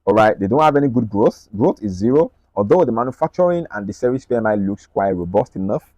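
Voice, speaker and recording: A man walking viewers through his market analysis on screen, talking quickly and checking in with them often. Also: mid-range voice, very animated, gravelly, dark tone, no room sound, dull audio. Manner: rapid, repetitive, checks in with "right?" and "okay?". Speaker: trading analyst.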